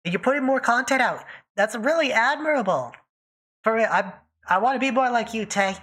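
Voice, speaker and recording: A woman's voice: fairly high pitch, animated, normal speed, fairly bright tone. A woman streaming live, chatting casually and teasing her viewers by name while she draws.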